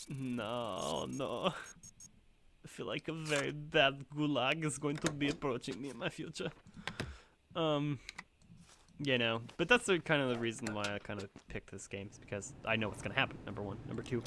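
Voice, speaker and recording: A man's voice: medium pitch, noisy background. A man hosting a gaming channel, chatting casually over gameplay in a rambling, self-deprecating way full of ums and likes.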